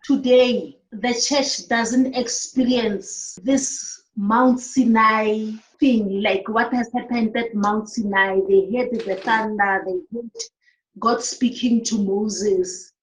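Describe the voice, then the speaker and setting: A woman in a discussion who asks and reflects in a halting, inquisitive way, seeking confirmation. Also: fairly high pitch, fairly even intonation, poor audio. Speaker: discussion participant.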